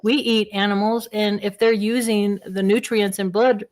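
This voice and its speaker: Animated woman telling her own stories. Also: medium pitch, normal speed. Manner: animated storyteller, laughs often. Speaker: guest. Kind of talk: casual interview talk.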